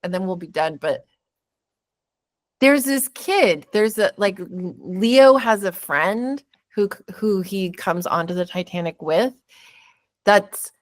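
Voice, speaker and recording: In a slow, mid-range voice, a podcast host casually discusses a movie. She's lively and laughs a lot, now and then mocking people with put-on voices.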